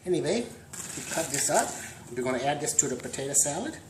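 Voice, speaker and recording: A man hosting a mock home cooking demonstration, rambling through deadpan puns and dad jokes. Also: on the high side, fast, heavy background noise. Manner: deadpan punning, dad jokes, trailing asides. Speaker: host of a joke home cooking show. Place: home kitchen. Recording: echoey kitchen with clattering pots and cutlery.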